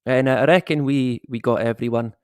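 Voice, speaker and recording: A man's voice: mid-range voice, fairly even intonation, brisk, clean tone, no room sound, studio quality. A man hosting a casual live stream from home, chatting with viewers in a rambling way and chuckling often. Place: at home, dog snoring behind him.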